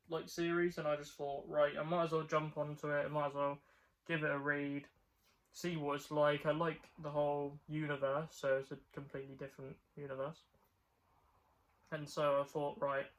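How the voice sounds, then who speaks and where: A man's voice: a little high, fairly bright tone. A young man chatting casually about his comic book haul, rambling with lots of fillers. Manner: rambling, filler-heavy, repeats "like".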